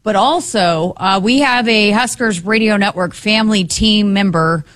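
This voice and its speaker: A woman's voice: medium pitch, normal speed, a bit bright. A woman co-hosting a sports radio show, chatty and laughing often. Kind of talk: casual sports talk.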